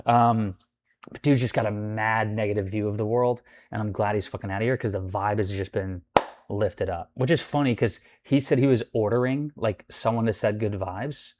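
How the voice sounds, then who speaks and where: A man's voice: lowish voice, steady tone, moderate pace, darkish tone, slight background noise. A man ranting casually about a roommate, rambling and swearing with lots of filler words. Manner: profane, rambling, full of "like" fillers. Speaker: vlogger. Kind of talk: casual storytime rant.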